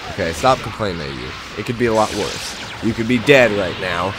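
A man hosting a let's play, chatting casually over gameplay with sudden loud frustrated outbursts. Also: fairly low pitch, brisk, hardly any pauses, faint music behind.

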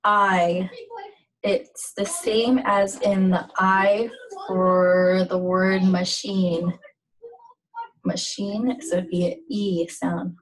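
A woman explains sounds and words in an informal language lesson. She talks at an unhurried, deliberate pace, pausing often and filling gaps with ums. Her voice sits at an ordinary middle pitch. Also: little pitch movement, low-quality recording. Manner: slow, halting, with many fillers. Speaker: language teacher.

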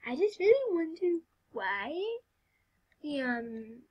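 Excitable high-voiced young woman gamer. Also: slow, highs cut off. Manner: excitable, swings between whispers and squeals. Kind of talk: casual gameplay commentary.

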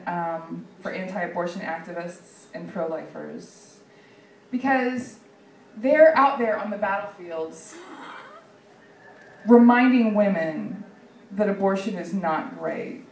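A young woman from Texas doing a sarcastic, deadpan stand-up set at a comedy club, with plenty of ums and likes. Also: medium pitch, slow pace, slight background noise. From Dallas, Texas. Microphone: handheld stage mic. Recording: echoey room from far off.

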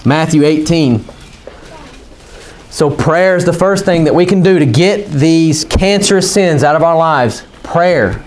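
A man's voice: fairly high pitch, unhurried, hardly any pauses. A man pastor preaching a sermon from scripture, putting direct questions to his listeners.

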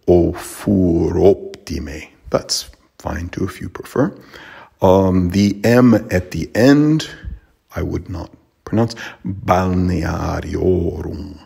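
A man teaching Latin pronunciation, slow and careful, pausing often with fillers. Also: low-pitched, vocal fry, warm tone, slightly rough.

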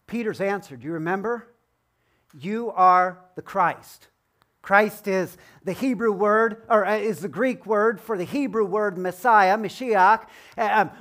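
A male pastor giving an informal, explanatory sermon, with frequent ums and self-deprecating asides. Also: high-pitched. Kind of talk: conversational sermon.

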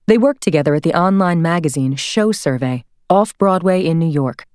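A woman narrating an audiobook in a measured, expressive reading. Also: low-pitched, smooth, no room sound, clean studio sound. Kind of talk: scripted narration.

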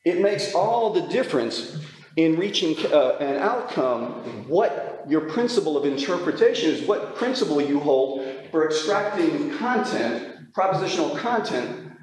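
Guy lecturing, lots of restarts, kinda high voice, echoey hall from far off. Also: sing-song, measured pace, a little mellow, a little hiss or hum. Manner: discursive, thinking aloud with many restarts. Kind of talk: university lecture.

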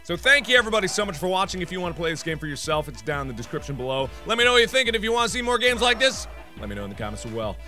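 Excitable guy yelling thru a game, goes way up and down, loud music in back. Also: high voice, rapid-fire. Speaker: gaming YouTuber. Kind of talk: let's play commentary.

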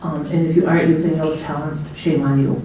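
A woman's voice: sits low, little pitch movement, fairly quick, warm tone, a little hiss or hum. Laughing woman telling stories in an echoey hall. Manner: chatty storyteller, laughs often, acts out what people said. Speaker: guest of honor giving a speech. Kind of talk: anecdotal speech to a party crowd. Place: hotel banquet room. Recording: echoey banquet hall from far off.

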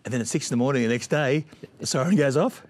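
A man's voice: medium pitch, fast, darkish tone. A middle-aged Australian man, a guest, telling brash and bawdy anecdotes in chat. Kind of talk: storytelling chat.

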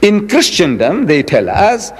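A man in his seventies giving a religious lecture, emphatic and repeating his key words, drawing out quotations slowly. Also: high voice, wildly swooping pitch, big-room sound, low-quality recording. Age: 70s. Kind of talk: public lecture.

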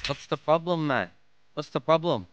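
A man's voice: fairly high pitch, expressive, moderate pace, clean tone, no room sound, lo-fi sound, faint music behind. A man with an Australian accent taunting other players over in-game voice chat, repeating "mate" as he goads them. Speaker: streamer provoking other players.

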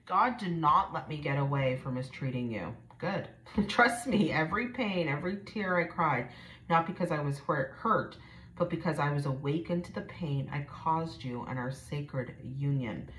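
Low-voiced woman giving a blunt tarot reading. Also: expressive, moderate pace, a bit bright. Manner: blunt, chatty, swears freely. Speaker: tarot reader. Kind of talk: casual tarot reading to camera. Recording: echoey room with faint noise.

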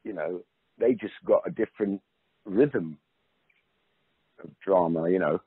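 Husky middle-aged man on a phone-like line. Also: sits low, unhurried, dry recording. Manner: emphatic, restarts often, peppers talk with "you know". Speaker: interview guest, actor. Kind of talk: casual conversational interview.

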